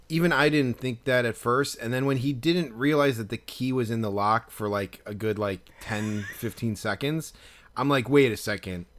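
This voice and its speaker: A man co-hosting a podcast, telling a long story in casual chat and acting out the quotes with rising excitement. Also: mid-range voice. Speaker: podcast co-host.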